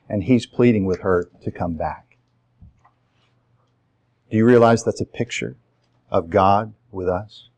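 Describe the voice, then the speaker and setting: A middle-aged man preaching a sermon as pastor, climbing to emphatic, ringing peaks and then dropping to quiet, intimate asides. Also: on the low side, rough recording.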